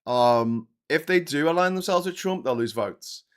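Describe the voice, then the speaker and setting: A man's voice: on the high side, normal speed, smooth. Blunt, sweary man hosting. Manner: blunt and sweary, reads viewer comments aloud, animated asides. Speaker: host of a morning politics livestream. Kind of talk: casual political commentary.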